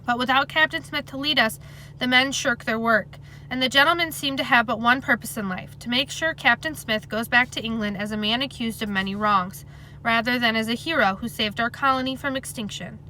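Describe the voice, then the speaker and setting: A woman reads a chapter of a novel aloud with a bright, sharp tone and a slightly high voice. Her delivery is plain, steady and conversational, with a faint hum of noise behind her. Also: brisk, rough recording. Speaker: reader.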